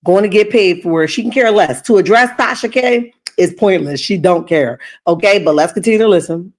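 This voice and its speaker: A woman's voice: mid-range voice, a little fast. A woman hosting a gossip channel, giving sassy, chatty commentary on reality TV drama. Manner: sassy, chatty asides with "okay?" and "child".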